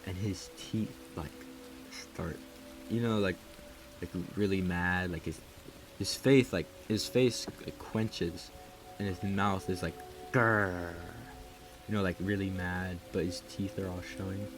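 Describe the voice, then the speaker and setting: A man's voice: deep voice, steady tone, measured pace, low-quality recording. A man casually telling a rambling story over gameplay, full of filler words, with music and rain playing behind. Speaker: gaming video creator.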